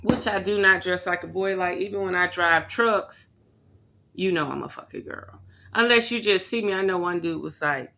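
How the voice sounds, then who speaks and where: A woman telling a story to her camera in a blunt, profane, animated rant. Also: lowish voice, normal speed, creaky, a little hiss or hum. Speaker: vlogger.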